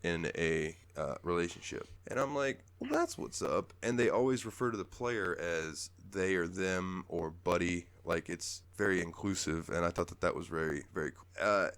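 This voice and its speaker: A man with a deep voice, chatting loosely on a podcast, rambling, laughing and swearing as he goes. The sound is close and dry with no room around it. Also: normal speed, hardly any pauses, a bit bright, clean tone, dry recording. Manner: laid-back, rambling, laughs often, swears. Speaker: podcast co-host. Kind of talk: casual game review chat.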